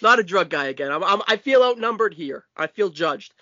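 A man with a Massachusetts accent hosting a podcast, his voice riding high for a guy. He talks brash and a little profane, tossing in quick asides. The sound is dull and lo-fi, close and dry. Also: expressive, pushed and bright, dry recording. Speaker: podcast host. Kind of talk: casual wrestling podcast chat.

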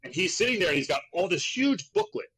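Animated middle-aged man telling stories. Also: fast, breathy edge, poor audio. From Berkeley, California. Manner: animated, acts out quoted voices with big pitch jumps; rambling with many fillers and restarts. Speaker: actor guest. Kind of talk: casual storytelling interview.

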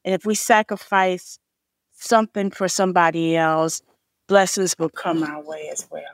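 A woman's voice: fairly low pitch, steady tone, normal speed, no echo, studio quality. A woman author being interviewed on a podcast, effusive and emotional as she speaks. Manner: effusive, tearful gratitude. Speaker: author guest.

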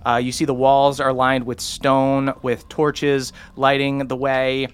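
Brief: male game master, laid-back scene narration, mid pitch. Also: slow, smooth. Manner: relaxed descriptive narration with fillers.

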